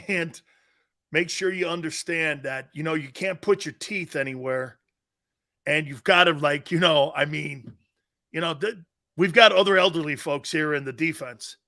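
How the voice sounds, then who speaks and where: A man's voice: a little high, a little slow, sharp tone. A middle-aged man hosting a sports talk show, joking with his crew, laughing often and restarting his sentences.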